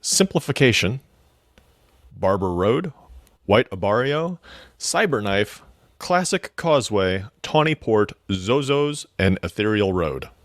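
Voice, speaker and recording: A man's voice: fairly low pitch, very animated, slow pace, no room sound. A man co-hosting a money radio show, teasing his partner with dry sarcasm. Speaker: radio co-host. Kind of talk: casual banter.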